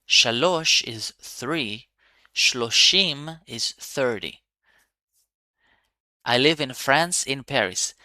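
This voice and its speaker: A man teaching a beginner language lesson, upbeat and encouraging, repeating words slowly so learners can follow. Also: medium pitch, animated, pushed and bright, dry recording.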